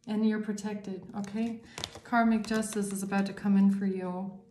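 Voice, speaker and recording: A woman giving a tarot reading to her viewers, excitable and repeating herself, her voice jumping up high when thrilled. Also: normal speed, echoey room, slight background noise. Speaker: tarot reader.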